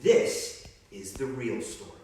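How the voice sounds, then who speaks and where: A man's voice: mid-range voice, animated, takes it slowly, dark tone, far from the mic, voice pushed down. A man reading as a wolf telling his own side of a children's story in a chatty, conversational way. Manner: conversational first-person storytelling. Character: grown male wolf, chatty, self-justifying. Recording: very echoey room, off-mic.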